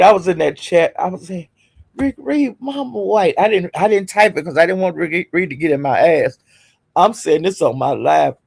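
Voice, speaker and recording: A man hosts his own livestream with a gravelly, husky voice that sits a little above the usual male range. He tells gossip to his chat, breaking into laughter again and again. He keeps calling his viewers "y'all", "honey" and "child" as he goes. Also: fairly high pitch. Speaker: livestream host. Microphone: home streaming setup.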